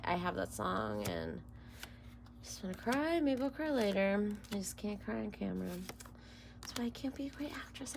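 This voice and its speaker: A woman's voice: medium pitch, vocal fry, slight background noise. A woman doing a casual tarot reading to camera, emotional and close to tears, rambling and dropping into whispers. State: near tears. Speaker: tarot reader.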